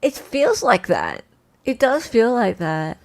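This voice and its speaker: Animated chatty woman hosting a livestream. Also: a little high, slow pace. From Australia. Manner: animated, chatty, reads viewer comments aloud. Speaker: host. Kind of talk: casual livestream chat reading comments.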